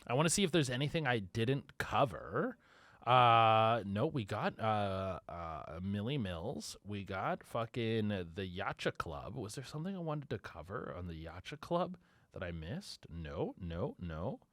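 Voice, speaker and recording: A man's voice: fairly low pitch, big pitch swings, a little slow, a bit bright, no echo, clean studio sound. A young man hosting a solo comedy podcast, telling stories with lots of swearing and acted-out quotes.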